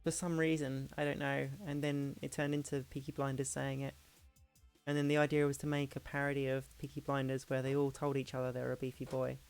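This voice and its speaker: A woman streamer in a casual hangout chat, talking fast and loose with frequent laughs and restarts. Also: extremely low pitch, level tone, a little mellow, clean tone, soft background music. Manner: chatty, laughing, restarts sentences.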